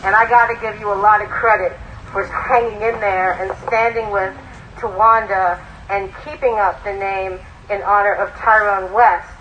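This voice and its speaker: A woman state senator speaks at an outdoor protest rally, deliberate and measured, building her emphasis. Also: mid-range voice, fairly even intonation, fairly bright tone, a little hiss or hum, poor audio. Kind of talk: political rally speech.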